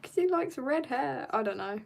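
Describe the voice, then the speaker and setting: A woman's voice: high voice, animated, normal speed, vocal fry, slight background noise. A woman chatting casually and rambling in jokes while she draws on stream. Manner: rambling and jokey, drifts into soft mutters. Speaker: artist streamer. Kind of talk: casual chat while drawing.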